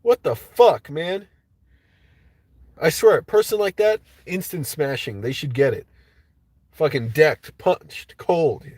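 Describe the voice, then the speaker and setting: Man, livestream host, casual angry rant, profane, slightly high voice, dry close sound. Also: slow, pauses often, a little mellow, no room sound. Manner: profane, agitated ranting.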